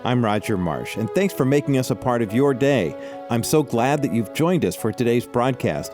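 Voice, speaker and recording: Man hosting a radio intro over soft music. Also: mid-range voice, lively intonation, moderate pace. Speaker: radio host and announcer.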